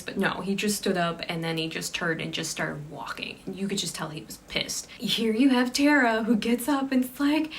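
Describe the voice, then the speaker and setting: A woman hosting a casual chat show and telling a story, shifting between lively telling and a hushed near-whisper. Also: mid-range voice, moderate pace, few pauses. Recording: slightly distant mic with faint background noise.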